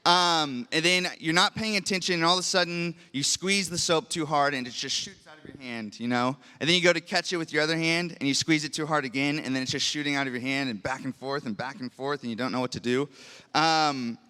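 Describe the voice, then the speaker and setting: A man's voice: a little high, fairly quick, pushed and bright, clear, resonant tone, big-room sound. A young male pastor preaching a sermon, telling a personal story in an earnest way that sometimes turns emotional. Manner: earnest, grows emotional, acts out prayers. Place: large church hall.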